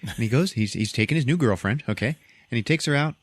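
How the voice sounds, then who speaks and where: Talking fast in a mid-range voice, this male podcast host walks through a film's story in a casual, swear-filled way, laughing frequently as he goes. The recording has no room sound.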